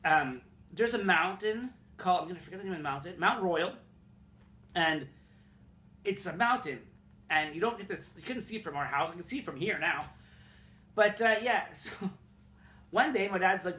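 Very animated, with a high-sitting voice and a sharp tone, a young man from Montreal tells funny stories from his childhood at a moderate pace. His casual vlog is rambling, profane and self-mocking, recorded in a roomy-sounding space in his apartment.

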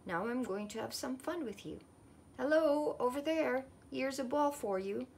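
A woman's voice: fairly high pitch, lively intonation, brisk, gravelly, breathy edge, pitched above the performer's own voice, heavily acted. A woman voicing a big, mischievous gooseberry boy who teases and calls out, in a storybook reading. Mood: taunting. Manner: taunting, calling out.

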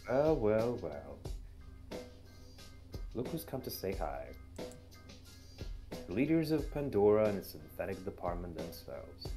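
A man's voice: sits low, lively intonation, brisk, music in the background. A man voicing a sly, mocking male dog agent who stays cool and taunting in a visual novel reading. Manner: smug, sarcastic, taunting.

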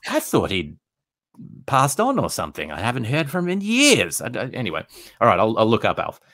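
A man's voice: mid-range voice, wildly swooping pitch, fairly quick, a bit bright, no room sound. A man with an Australian accent hosting a podcast interview, asking playful quiz-style questions. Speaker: podcast host.

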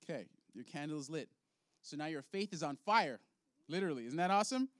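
A playful man runs a hands-on faith lesson for children and laughs easily with his young volunteers. His voice sits fairly high. The sound is dry, with little room echo. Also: expressive, brisk. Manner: upbeat, playful, laughs often. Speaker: children's ministry leader. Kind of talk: object lesson for kids.

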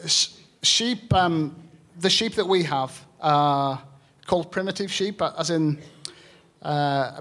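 A man from England's Lake District, an author speaking on stage at a live event, talking in an earnest, halting way with many fillers. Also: a little high. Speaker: author and shepherd guest speaker. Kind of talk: public talk with reading and Q&A.

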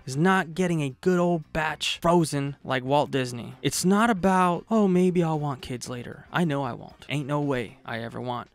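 A man's voice: fairly high pitch, moderate pace, vocal fry, hardly any pauses. A tired man in his thirties rambling through a jokey, self-deprecating monologue to camera on a wired microphone. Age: 30s. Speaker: vlogger. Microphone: wired XLR microphone.

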